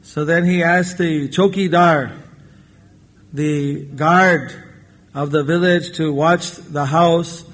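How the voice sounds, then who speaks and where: A man giving a storytelling sermon as a spiritual lecturer, unhurried and acting out the characters in his tale. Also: on the high side, fairly even intonation, a bit bright. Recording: 1994 lecture tape with long hall reverb.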